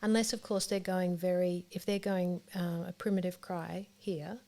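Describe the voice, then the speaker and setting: An Australian woman, a therapist and author, explaining her work in a relaxed interview chat, often laughing. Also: fairly low pitch, moderate pace.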